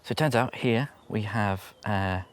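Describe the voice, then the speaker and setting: A man's voice: lowish voice, measured pace. A man talking casually to camera as he tours his outdoor allotment, chatty and rambling and laughing often, recorded on a handheld camera. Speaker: allotment vlogger. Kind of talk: casual talk to camera while touring a garden plot.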